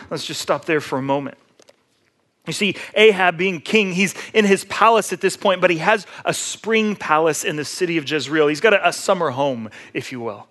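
A man preaching a sermon, retelling scripture in a relaxed, conversational storytelling way. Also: on the high side, moderate pace. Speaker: pastor.

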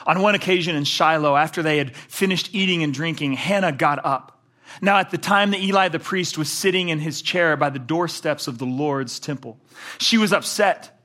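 A man preaching a sermon, animated, swinging between loud emphatic passages and low quiet ones. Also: moderate pace. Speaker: pastor.

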